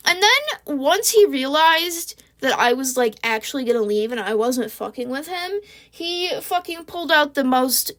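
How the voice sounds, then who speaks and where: A woman with a high, bright-toned voice tells a casual storytime into a home mic. She talks in loose slang, swears often and keeps a sarcastic edge. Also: lively intonation, unhurried. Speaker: vlogger. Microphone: home recording mic.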